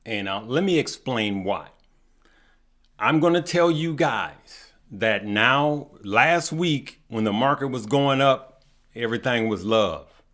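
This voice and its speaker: Slow-talking man greeting stream viewers. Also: medium pitch, expressive. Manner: unhurried, shout-outs to viewers by name. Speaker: stock market livestream host. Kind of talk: casual livestream chat greeting viewers.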